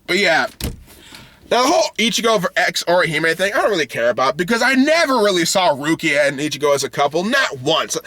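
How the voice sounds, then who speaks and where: A man's voice: on the high side, sing-song, fairly quick, pushed and bright, dry recording. A man ranting in a vlog, heated and profane, frustrated and often laughing. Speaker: anime video creator.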